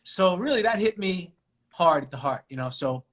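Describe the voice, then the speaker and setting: A middle-aged man from New York, an actor guest telling stories casually on a live video call, animated and full of fillers and restarts. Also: sits high, moderate pace. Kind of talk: casual storytelling interview.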